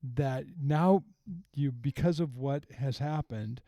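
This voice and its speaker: Middle-aged pastor guy talking faith on a podcast, warm mellow voice, dry close sound. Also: mid-range voice, slow pace, dry recording. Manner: earnest, reflective, with frequent restarts and retold quotes. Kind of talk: conversational teaching on faith.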